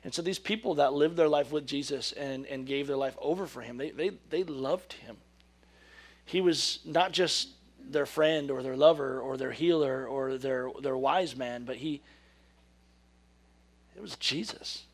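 A man giving a sermon, who reads scripture slowly and then talks casually, laughing at his own corny jokes. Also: mid-range voice, slightly rough. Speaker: preacher. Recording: podcast recording of a live sermon.

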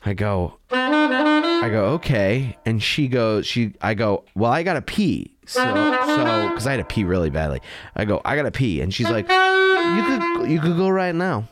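Animated rambling man telling a story. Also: fairly low pitch. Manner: rambling, animated, full of restarts and fillers. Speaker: comedian guest. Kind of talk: comedic storytelling.

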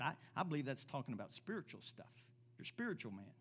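A man preaching a sermon as pastor, reading scripture aloud and building from quiet, low passages to loud, emphatic ones. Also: sing-song, fast talker, slightly rough. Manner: reads scripture aloud and voices imagined listeners.

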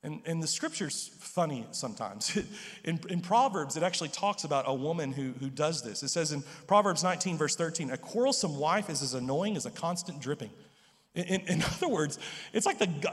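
A man's voice: on the high side, expressive, a little fast, in a large hall. A pastor preaching an earnest sermon in a church, often repeating words as he starts a thought. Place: church sanctuary.

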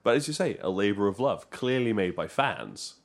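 A man doing a casual podcast co-host who talks about old games with a lively, swooping voice. He jokes often and jumps into quick bursts of excitement. The talk is loose and conversational. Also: on the low side.

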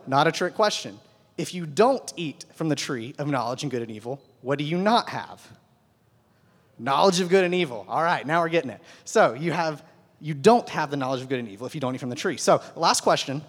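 Guy teaching a bible class, kinda high voice, laid back and chatty, big echoey hall. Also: lively intonation, a little fast. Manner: conversational, keeps asking "right?". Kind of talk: casual Bible lesson to a group. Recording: long hall reverb.

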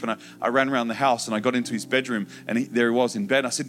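A man's voice: medium pitch, steady tone, fast, hardly any pauses, soft background music. A man giving an emotional personal testimony in a sermon, acting out the words he once said. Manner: emotional storytelling, acts out shouted childhood quotes.

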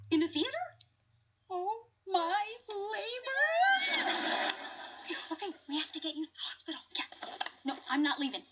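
An excitable woman in a sitcom clip. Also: very high-pitched, exaggerated voice. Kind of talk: sitcom acting. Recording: dull audio from a TV clip. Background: music.

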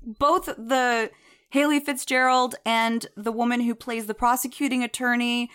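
Smooth-voiced chatty woman. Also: on the high side, steady tone, measured pace, fairly bright tone. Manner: chatty and digressive, many fillers, laughs often. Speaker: podcast co-host reviewing a TV series. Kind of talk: casual chat.

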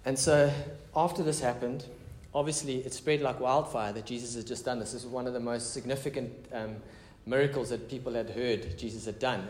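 A man with a medium-pitched, darkish voice delivers a relaxed, conversational sermon as pastor, moving between prayer, scripture readings and chatty asides. The sound is reverberant, with a slight hiss or hum.

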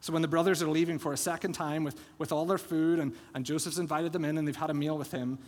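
Male pastor, slightly high pitch, earnest sermon delivery, church reverb. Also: steady tone, fast, a little mellow. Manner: earnest expository preaching that retells scripture scenes. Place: church sanctuary. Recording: long church hall reverb.

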